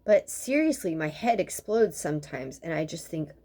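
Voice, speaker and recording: A woman in her fifties, a dental practitioner, talking casually in a slightly low voice. She vents in a blunt, sarcastic way, swearing freely and rambling from one exasperated story to the next. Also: expressive, moderate pace, warm tone. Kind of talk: casual venting monologue.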